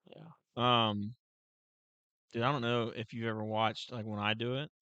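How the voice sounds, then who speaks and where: A man's voice: mid-range voice, level tone, unhurried, pushed and bright, clean tone, no echo, muffled recording. A man co-hosting a podcast in a laid-back, casual chat, throwing in slangy asides. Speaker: podcast co-host.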